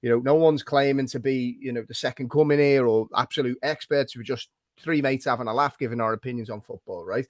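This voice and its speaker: A man hosts a casual football podcast, laughing easily and steering topics. His voice sits at a middle pitch for a man. The recording is close and dry. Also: fairly quick, darkish tone, no echo. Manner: laughs often, leads topics. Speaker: podcast host. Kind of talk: casual chat.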